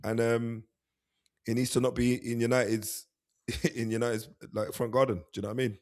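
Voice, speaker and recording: A man co-hosting a football podcast, talking fast and animated, acting out players' thoughts and laughing often. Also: medium pitch. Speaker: podcast co-host. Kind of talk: casual football chat.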